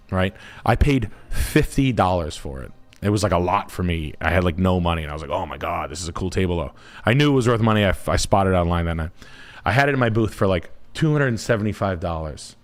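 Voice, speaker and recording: A man, a realtor hosting a live stream, telling a long casual story with lots of swearing and trailing off while he hunts for words. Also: low-pitched. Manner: rambling, profane, trails off searching for words.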